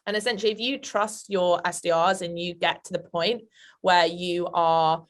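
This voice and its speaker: A woman with a London accent talks on a webinar panel, her voice sitting slightly low. She talks in a chatty, unpolished way, full of ums and restarts. She comes through a video call. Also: steady tone, moderate pace. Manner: chatty, hesitant, many fillers. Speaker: sales manager panelist.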